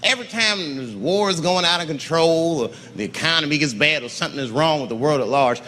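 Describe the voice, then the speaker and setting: A man doing profane, animated stand-up, slipping into voices for his stories, on stage before a live audience. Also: a little high, a little fast. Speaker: comedian. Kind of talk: stand-up comedy. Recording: live hall with loud laughing crowd.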